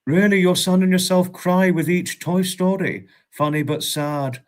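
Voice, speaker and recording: A man hosting a livestream in casual chat, warmly greeting viewers and reading out their comments with frequent chuckles. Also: high-pitched, fairly even intonation, a little slow. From United Kingdom. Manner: affectionate, greets viewers as darling, chuckles often. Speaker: livestream host.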